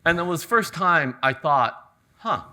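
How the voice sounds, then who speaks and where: A middle-aged man from California giving a live flower-arranging demonstration, talking in a relaxed, joking way. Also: fairly high pitch, unhurried. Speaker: ikebana demonstrator. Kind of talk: live floral demonstration talk. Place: garden event venue with audience.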